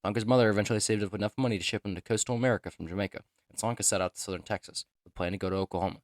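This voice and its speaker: A young man reading his own character profiles aloud, rushing through them with joking asides and stumbles. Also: fairly low pitch, fairly even intonation, dry recording, studio quality. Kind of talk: casual reading of written notes.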